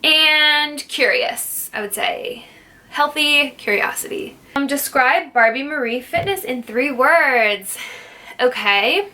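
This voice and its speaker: A young woman, a fitness instructor, chatting playfully through a casual Q&A vlog, jokey and quick to laugh. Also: high-pitched, lively intonation, sharp tone. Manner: jokey, playful, not serious.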